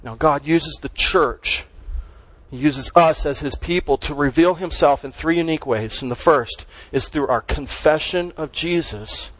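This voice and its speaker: A man's voice: on the high side, measured pace, dry recording, rough recording. A man preaching a sermon as pastor, stressing and repeating key words as he teaches.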